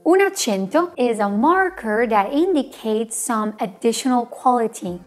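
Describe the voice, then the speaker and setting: A woman teaching a language lesson in scripted narration, slowly spelling out letters and words with care. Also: a little high. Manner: slow, careful spelling out of letters.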